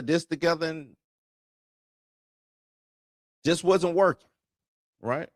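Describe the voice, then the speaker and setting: A man's voice: a little high, a bit bright, no echo, studio quality. A man hosting an entertainment news show in loose, slangy casual commentary, chuckling between points.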